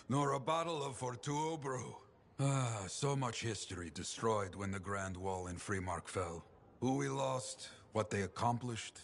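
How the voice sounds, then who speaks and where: A man's voice: a little slow, vocal fry, slight background noise. An actor playing a wistful man who remembers fallen friends, speaking reflectively in video game dialogue. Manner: reflective, warm-hearted, lively pitch.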